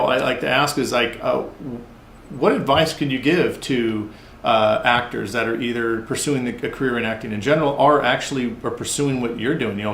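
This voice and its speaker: Podcast host guy, excited rambly questions, roomy echo and a little hiss behind him. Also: mid-range voice, gravelly. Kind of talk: casual interview questions. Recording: echoey room, faint background noise.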